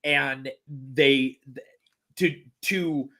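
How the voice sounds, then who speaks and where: A man's voice: medium pitch, extremely slow, bright, forceful tone. A man chatting casually as a podcast guest, rambling with many restarts and fillers. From Texas. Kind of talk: casual chat.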